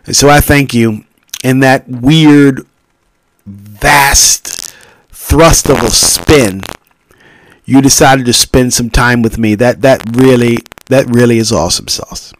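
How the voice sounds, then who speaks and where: A man hosting a casual solo podcast, rambling and profane, with sudden loud outbursts. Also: medium pitch, huge pitch swings, slow, pauses often, dry recording. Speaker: podcast host.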